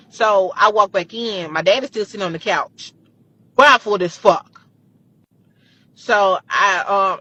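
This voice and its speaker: A woman with a bright, forceful voice tells a personal story straight to her audience, swearing freely as she gets worked up. The recording sounds dull and lo-fi. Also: on the low side. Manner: animated, profane, heated retelling. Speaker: storytime vlogger. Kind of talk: casual storytelling.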